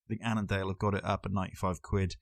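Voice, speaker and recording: A man's voice: low-pitched, flat delivery, rapid-fire, creaky, no echo, clean studio sound. A man co-hosting a podcast, chatting casually and easily amused. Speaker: podcast co-host. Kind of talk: casual chat.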